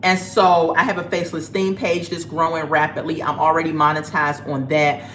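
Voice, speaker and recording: A woman chatting casually on a livestream as she sells jewelry, telling her stories in an animated way. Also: low-pitched, moderate pace. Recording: roomy echo, faint background noise.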